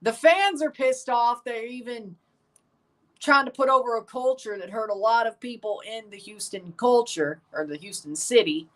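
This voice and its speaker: Recorded from afar, this man speaks in a high-pitched voice at ordinary speed while hosting a livestream that ranks soccer kits. Casual and rambling, he drifts slightly off-mic, chats with viewers, and gets loud and emphatic as he judges.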